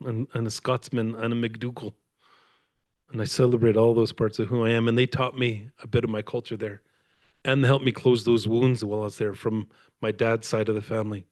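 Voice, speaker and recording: A man's voice: mid-range voice, a little fast, dry recording. Male guest speaker from Canada, loose rambling storyteller with frequent laughs, dry close sound. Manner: rambling, animated, laughs often. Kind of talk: conversational storytelling. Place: lecture event with audience.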